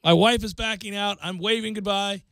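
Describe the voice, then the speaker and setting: A male talk-radio host, telling a long self-mocking story in an animated way. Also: sits high, brisk, dry recording. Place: radio studio.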